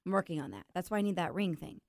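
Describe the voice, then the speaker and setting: A woman's voice: fairly low pitch, very animated, very fast, a little mellow, no room sound, studio quality. A woman hosting a podcast in casual chat, telling stories and teasing her husband. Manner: chatty, teasing, storytelling. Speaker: podcast host.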